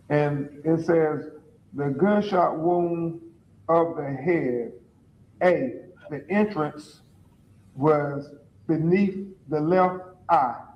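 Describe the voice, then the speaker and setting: A man reading a report aloud at a press conference, halting and stumbling over words, in a dull lo-fi clip with faint ambience. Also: on the high side, a little hiss or hum.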